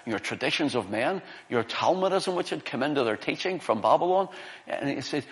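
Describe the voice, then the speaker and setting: A man's voice: medium pitch, expressive, fairly quick, creaky. A man preaching a sermon, explaining scripture and reading passages aloud, with frequent restarts. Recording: long reverb of a hall.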